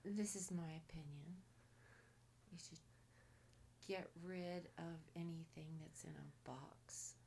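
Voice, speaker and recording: A soft-spoken woman with a lowish, gravelly voice, talking slowly as a guest on a casual podcast. She sometimes drops nearly to a whisper and gives blunt advice in short commands. Faint noise sits under the recording. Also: fairly even intonation. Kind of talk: casual interview.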